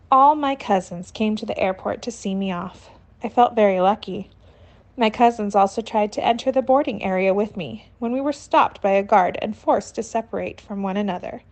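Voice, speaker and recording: A woman reads a novel aloud in a calm, steady audiobook manner. Her voice sits at a middling pitch and stays even from line to line. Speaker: narrator.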